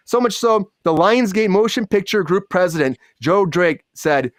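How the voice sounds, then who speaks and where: A man's voice: high-pitched, moderate pace, hardly any pauses, a bit bright, no room sound, studio quality. A man hosting a live entertainment news chat, talking casually and putting questions to his co-hosts. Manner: conversational, asks questions, repeats himself. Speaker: host.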